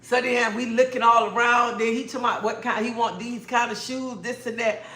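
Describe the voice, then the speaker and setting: A woman hosting a livestream, telling a lively story to her viewers and acting out what people said, laughing as she goes. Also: on the high side, fairly quick. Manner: animated, laughing, acts out quoted dialogue. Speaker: livestream host. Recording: roomy echo.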